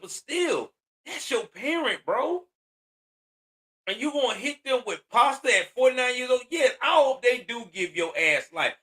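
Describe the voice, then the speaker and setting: A man's voice: very high voice, pushed and bright. A man in his forties giving heated, profane commentary on a news story, ranting angrily with a lot of emphasis. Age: 40s.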